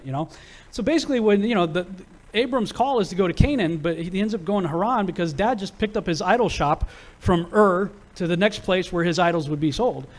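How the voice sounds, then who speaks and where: A man teaching a Bible lesson to a live audience, casual and animated, acting out the people in his stories. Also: high voice, fairly quick. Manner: casual and animated, acts out quoted characters.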